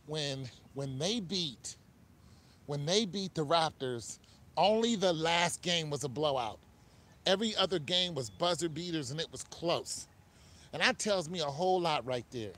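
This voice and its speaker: A man hosting a live-stream show, talking casually and with animation, full of asides and quick laughs. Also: on the high side, a bit bright. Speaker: online show host.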